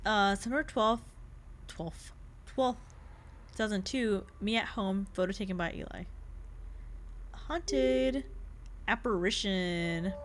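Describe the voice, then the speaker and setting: A young adult woman streaming a game with casual commentary, excitable and jumpy, laughing and swearing often. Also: mid-range voice, slow pace, pauses often. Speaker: VTuber streamer.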